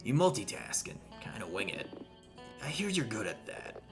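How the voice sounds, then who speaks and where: A man voicing a gruff, cryptic older custodian in a game, speaking low, clipped, grumbling lines. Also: huge pitch swings, moderate pace, over music. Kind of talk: reading game dialogue aloud.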